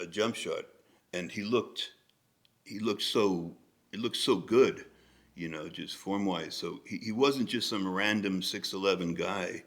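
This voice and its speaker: With a low, creaky voice, this American reaction-video host thinks aloud in a casual, rambling way, frequently starting his sentences over.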